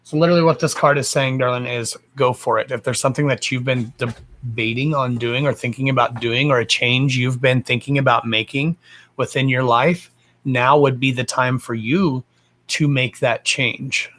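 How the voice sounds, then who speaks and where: A man's voice: medium pitch, fairly even intonation, normal speed, a bit bright, poor audio. A man with a Texan accent hosting a casual live stream, chatting freely, greeting viewers with endearments and swearing offhandedly. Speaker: psychic live-stream host.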